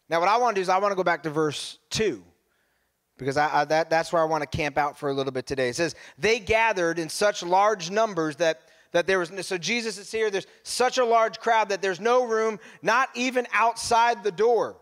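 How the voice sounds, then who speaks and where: A man's voice: high-pitched, moderate pace, fairly bright tone. A male pastor preaching a casual, conversational sermon, often restarting his phrases.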